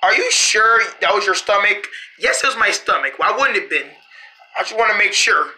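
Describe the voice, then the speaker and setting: A storyteller voicing several characters in playful role-play, often laughing and shouting in quick back-and-forth. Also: medium pitch, expressive, rough recording.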